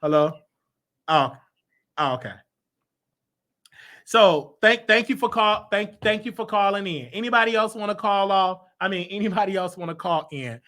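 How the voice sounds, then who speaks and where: A Southern US man runs a live call-in show in a high, bright voice. He talks emphatically and circles back to the same lines, stammering as he restarts. His delivery is animated and insistent. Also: normal speed, pauses often. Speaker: talk show host.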